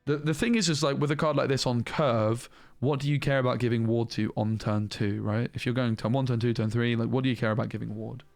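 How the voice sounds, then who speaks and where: A man giving casual, animated commentary as he reviews trading cards, thinking aloud and restarting sentences as he goes. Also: mid-range voice, a little fast, gravelly, no echo, soft background music. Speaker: card game reviewer.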